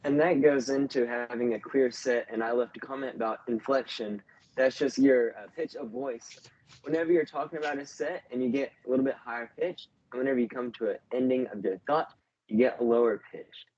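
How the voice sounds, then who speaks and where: A teenage boy with a mid-range voice gives quick, plain tips at an online workshop. He comes through a dull video call line. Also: medium pitch, a little mellow. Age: teens. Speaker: youth workshop presenter. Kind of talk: casual instructional talk.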